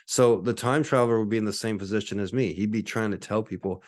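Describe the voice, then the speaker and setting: A man's voice: fairly low pitch, fast, hardly any pauses, darkish tone, no room sound. A man hosting a casual solo podcast from his apartment, rambling and swearing, with lots of fillers and restarts. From Hawaii. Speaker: podcast host.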